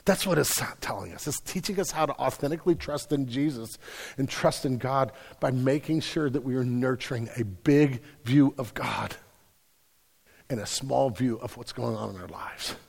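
Young guy preaching, lively storytelling, goes loud then whispery, lots of hall reverb. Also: mid-range voice, moderate pace, gravelly, husky. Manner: animated storytelling, swings from loud to hushed. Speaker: pastor. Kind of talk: sermon.

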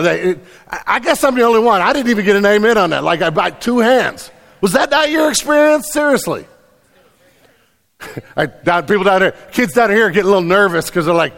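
A man preaching a sermon in a church, animated, repeating phrases and putting questions to the congregation. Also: high voice, brisk, vocal fry, in a large hall. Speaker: pastor. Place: church hall.

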